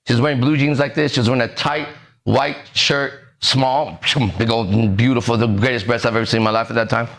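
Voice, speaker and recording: A man in his forties hosting a podcast, telling a story in a lively way that acts out the voices and keeps checking in with the listener. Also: mid-range voice, gravelly. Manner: animated, acts out quoted lines, keeps checking in with "right?". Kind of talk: casual storytelling.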